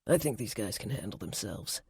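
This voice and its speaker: A woman reading an audiobook, voicing the young men of the group in a lowered, relaxed voice. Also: fairly quick, gravelly, husky, dry recording, studio quality, heavily acted. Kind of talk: audiobook narration.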